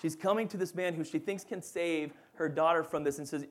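A man teaching a Bible lesson in a casual, animated way, often checking in with his listeners. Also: a little high, brisk, few pauses. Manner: animated, acts out quoted voices, frequent "right?" and "okay?".

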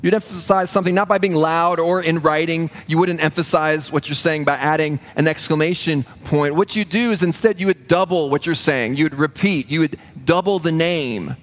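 A man preaching a sermon in a church, earnest and building to a hushed intensity on key points. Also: a little high, moderate pace, few pauses. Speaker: pastor.

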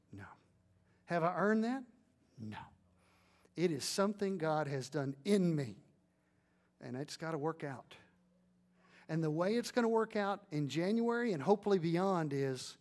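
A man delivers a sermon and closing prayer in a fairly high voice. He preaches emphatically, leaning on rhetorical questions to the congregation. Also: a little mellow.

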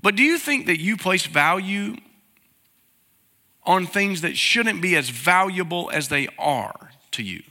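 A man's voice: high-pitched, animated, measured pace, bright, forceful tone, big-room sound. A man, preaching a sermon as pastor and talking to the congregation with plain questions. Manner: conversational, asks the congregation questions.

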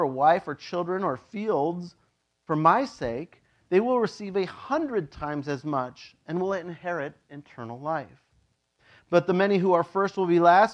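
A man preaching a casual, joking sermon as a pastor, chatty and animated, acting out voices in his stories. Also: on the high side, dull audio. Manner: chatty, with many "like" and "you know".

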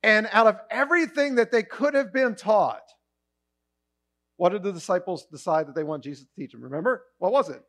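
Male pastor, high voice, lively sermon delivery with acted-out quotes. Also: fairly quick. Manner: animated, acts out voices in quotes. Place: church auditorium, also streamed online.

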